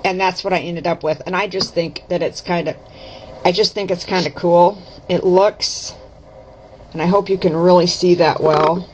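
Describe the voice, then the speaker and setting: She has a lowish, slightly mellow voice with a steady tone and moderate pace. Showing her crafts to the camera, this vlogger explains each step in a casual, folksy manner and often corrects herself. The camera mic gives dull lo-fi sound with a faint hiss or hum.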